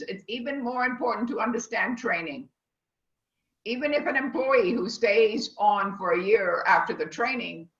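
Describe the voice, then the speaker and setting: Giving an online lecture for a cooking class, a woman rambles with emphatic, teacher-like delivery. She has a mid-range voice with a fairly bright tone. The sound is lo-fi, dull and echoey.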